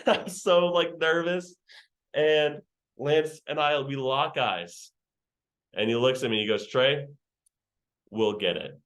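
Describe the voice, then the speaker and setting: A man's voice: fairly high pitch, takes it slowly, a bit bright. Slangy young man running a training call. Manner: slangy, joking, teasing the trainees. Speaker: sales trainer. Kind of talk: virtual training session.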